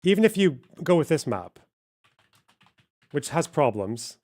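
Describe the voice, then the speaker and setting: A man's voice: fairly high pitch, very animated, unhurried, darkish tone, dry recording. A young man from Scotland with an Aberdeen accent, arguing a point on a livestream with rhetorical questions. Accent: Scottish, Aberdeen. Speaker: streamer host. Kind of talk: casual livestream talk.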